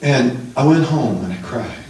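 A man's voice: mid-range voice, lively intonation, unhurried, darkish tone, slight background noise. A man in his sixties preaching a heartfelt testimony sermon, telling his story with emotion and pleading rises. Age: 60s. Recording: echoey room, distant from mic.

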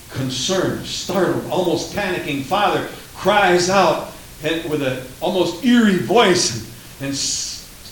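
A man preaches with high, lively intonation, swinging between loud outbursts and hushed asides. His voice rings through a big echoey hall, picked up from a distance. A faint hiss runs underneath. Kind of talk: sermon.

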